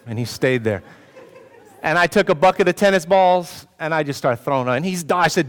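A pastor preaches to his congregation, telling a story with self-mocking humor and joking with the listeners. His man's voice is smooth and resonant and sits a little high. The sound rings with the long reverb of a large hall. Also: expressive, moderate pace, a bit bright. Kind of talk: sermon with personal story. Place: church hall with an audience.

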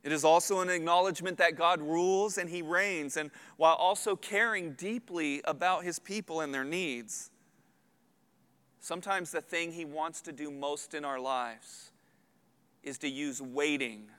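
A man in his thirties preaching a sermon as a pastor, earnest and building to loud emphatic peaks. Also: a little high, a little slow, smooth. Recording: long hall reverb.

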